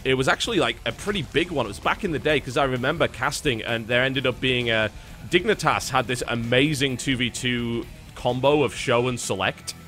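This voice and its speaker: A man's voice: medium pitch, a little fast, pushed and bright, faint music behind. A man casting a live esports match, talking wryly and at length about the games and the format. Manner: wry, talkative play-by-play. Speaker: esports caster. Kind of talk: live game commentary.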